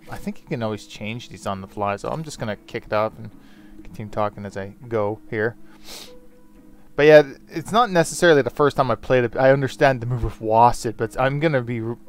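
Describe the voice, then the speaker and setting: A man on a headset mic, rambling through casual let's-play commentary with self-deprecating jokes and casual swearing. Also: mid-range voice. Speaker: gaming channel host.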